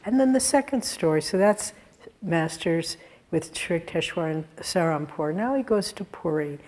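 A woman giving a sermon-style talk, telling spiritual stories in an earnest way with soft laughs. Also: on the low side, animated, moderate pace.

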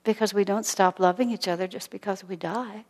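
A woman teaching a spiritual class in a gentle, reflective way, often sinking into a soft whisper. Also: medium pitch, steady tone, fairly quick, in a large hall.

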